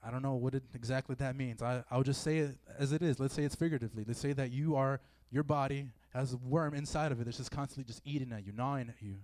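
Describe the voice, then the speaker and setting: A youth preacher with a darkish, medium-pitched voice talks fast and steadily with few pauses, recorded dry. In a meeting room with a live audience, he gives an informal sermon to young people, conversational and full of fillers, acting out the feelings he quotes.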